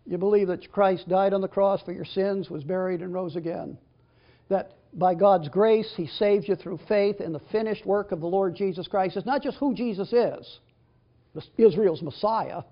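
A man's voice: high-pitched, moderate pace, lo-fi sound. A man preaching a sermon and teaching from the Bible, reading scripture aloud with emphatic stress.

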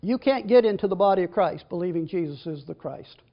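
A man's voice: high-pitched, animated, fairly quick, lo-fi sound. A man preaching a sermon and teaching from the Bible, reading scripture aloud with emphatic stress.

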